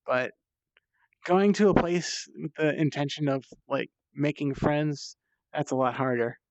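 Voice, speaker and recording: A slightly high-voiced man rambles as he climbs in VR, tired and thirsty, chatty and self-deprecating. His headset mic sounds dry and dead, with a dull, lo-fi tone. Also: measured pace, no room sound. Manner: chatty and self-deprecating, swears when strained. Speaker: VR streamer. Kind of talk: casual rambling while playing.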